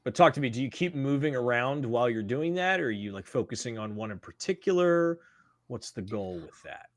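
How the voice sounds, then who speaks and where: A man's voice: medium pitch, lively intonation, brisk, no room sound, clean studio sound. A man narrating as game master of a tabletop game, in a casual, chatty way with plenty of fillers.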